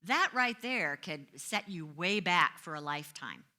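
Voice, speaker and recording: A woman's voice: on the low side, expressive, unhurried, pushed and bright. A middle-aged woman minister giving a conversational sermon, telling self-mocking stories and acting out her own complaints.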